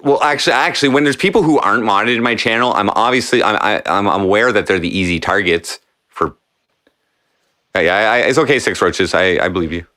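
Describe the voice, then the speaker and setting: Podcast host, male, low and animated, stumbles over words, dry sound. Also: fairly quick, dry recording. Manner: stammering, restarts a lot, jokey. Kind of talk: casual livestream chat.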